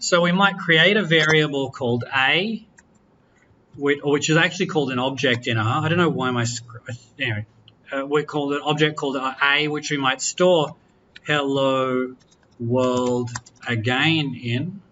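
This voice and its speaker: A man teaching a university class, walking students through software in a relaxed, chatty way, correcting himself and joking as he goes. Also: medium pitch, measured pace, highs cut off, a little hiss or hum. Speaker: university lecturer. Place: lecture room.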